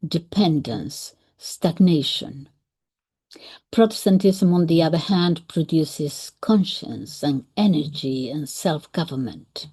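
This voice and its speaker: A woman speaks in a slow, unhurried, measured way as she analyzes the wording of a historical text. Her voice sits a little low and sounds warm and mellow. Now and then she drops into soft whispered asides. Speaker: commentator on historical texts. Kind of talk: reflective commentary.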